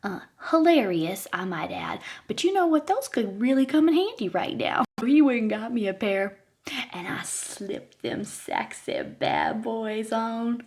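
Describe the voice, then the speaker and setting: A woman's voice: a little high, animated, a little slow, darkish tone. A woman in her thirties telling a comedic personal story to her viewers in a playful way, laughing often. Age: 30s. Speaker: vlogger.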